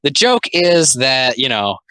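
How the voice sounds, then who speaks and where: Here a young adult video commentator speaks at medium pitch with big pitch swings and a sharp tone, captured in a dry, rough recording. The casual, rambling comic commentary leans on "like" fillers and sarcastic asides, with occasional quick mocking character voices.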